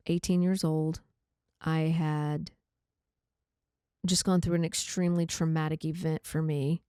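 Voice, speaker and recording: A woman hosts a podcast and tells a personal story in a candid, halting way. Her voice sits low, with a gravelly texture and a mellow tone. It is recorded dry, with no room echo. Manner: candid, halting, reflective, says like often. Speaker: podcast host.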